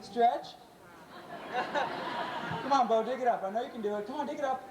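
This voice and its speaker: A man hosting a live animal show, playful and jokey, calling quick commands to a dog and teasing a volunteer. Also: extremely high pitch. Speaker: animal trainer and show host. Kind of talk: live stage show patter. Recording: echoey, distant, crowd noise, amateur camcorder. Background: audience cheers and laughter.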